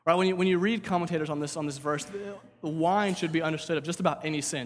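Conversational pastor preaching in a hall. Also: male voice, on the high side, quick pace, slight background noise. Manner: conversational, repeats words, asks "right?". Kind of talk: sermon.

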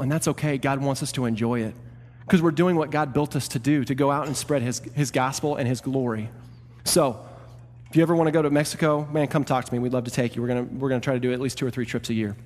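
A male pastor preaching a sermon, swinging between loud emphatic peaks and quieter asides. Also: medium pitch, fast talker. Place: church hall. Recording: reverberant church hall.

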